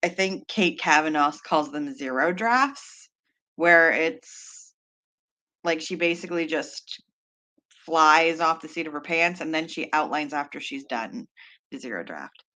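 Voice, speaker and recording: A woman's voice: low-pitched, a little slow, pushed and bright. A woman from Pennsylvania with a Pennsylvania accent, hosting a writing livestream in casual, chatty talk with lots of fillers and frequent laughter. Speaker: livestream host.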